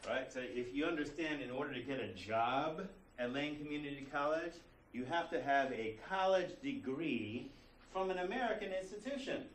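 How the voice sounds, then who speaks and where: A man's voice: a little high, expressive, normal speed, hardly any pauses, slight background noise. A man teaching a college class in a conversational way, full of rhetorical questions. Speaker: college instructor. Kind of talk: classroom lecture. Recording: roomy classroom recording from a distance.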